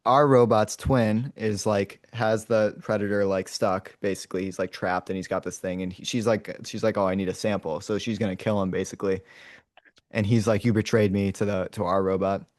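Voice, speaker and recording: Man, low voice, casual rambling storyteller, many fillers, acts out lines, dry room. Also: flat delivery, normal speed, no room sound. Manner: acts out lines and roars as he tells it. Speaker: podcast host retelling a movie. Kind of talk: casual storytelling to his brother.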